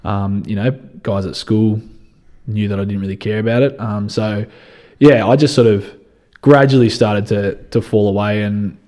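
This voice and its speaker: A young Australian man with a fairly low, warm and mellow voice tells his own story as a guest in an interview. He sounds relaxed and conversational and keeps circling back with "you know.". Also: moderate pace. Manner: relaxed and conversational, often says "you know" and restarts phrases. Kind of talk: reflective personal storytelling.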